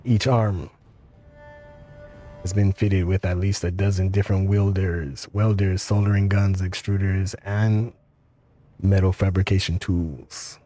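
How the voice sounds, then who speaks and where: Deep-voiced man reading game text. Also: little pitch movement, mellow, faint music behind. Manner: slow, labored reading with some stumbles. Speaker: game reader.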